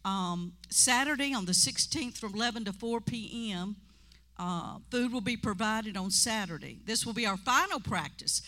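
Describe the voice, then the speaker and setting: Woman church leader making announcements; bright, chatty, quick to laugh. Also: mid-range voice, lively intonation. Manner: chatty, laughs often, joking asides. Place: church sanctuary.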